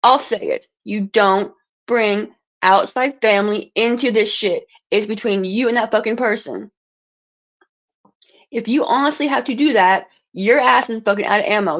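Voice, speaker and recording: A woman's voice: medium pitch, fairly bright tone, highs cut off. A woman livestreaming an angry, profane rant, stumbling and restarting words as she gets heated.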